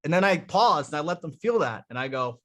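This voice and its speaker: Blunt, profane man coaching with a bright voice. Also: on the high side, fairly quick. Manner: blunt, profane, animated storytelling. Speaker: dating coach. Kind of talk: live coaching session.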